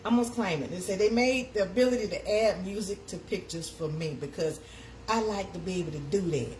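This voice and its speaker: A woman's voice: medium pitch, a little fast, darkish tone, slight background noise. A woman hosting a casual live chat, talking in a sing-song way and reading comments aloud. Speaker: livestream host.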